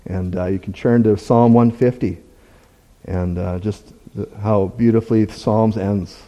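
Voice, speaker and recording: A man giving a candid, self-deprecating testimony in church, talking in a halting, conversational way with many restarts. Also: lowish voice, steady tone, mellow, lo-fi sound. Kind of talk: conversational sermon talk.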